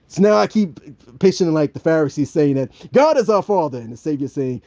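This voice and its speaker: A man giving casual, joking devotional commentary in an animated way, with many restarts. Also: on the high side, fairly quick, hardly any pauses. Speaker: vlogger.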